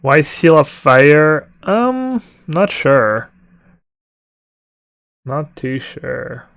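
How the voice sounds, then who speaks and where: A man's voice: fairly high pitch, sing-song, very slow, gravelly, a bit bright, no room sound. A man streaming a card game live, chatting casually, thinking aloud and answering chat with fillers. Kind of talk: live-stream commentary while playing.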